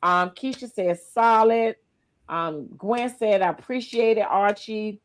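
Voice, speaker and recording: A woman hosting a casual livestream podcast, lively and emotional, teary-eyed as she talks. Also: mid-range voice, slow. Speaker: podcast host.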